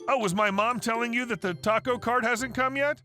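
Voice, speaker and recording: A woman's voice: a little high, brisk, sharp tone, faint music behind, voice pushed up. A man voicing a cheerful young woman at a party, upbeat and teasing.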